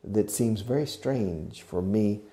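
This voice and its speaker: A man who speaks English natively, teaching a beginner English lesson, acting out each verb as he names it and adding quick translations. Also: lowish voice, warm tone. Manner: acts out each verb while naming it, slipping in quick translations.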